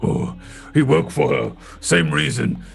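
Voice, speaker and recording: Guy doing a gravelly young guard, broken english, talks about himself in third person. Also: mid-range voice, measured pace, faint music behind, pitched above the performer's own voice. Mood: boastful. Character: young male bodyguard warrior, blunt and loose-lipped.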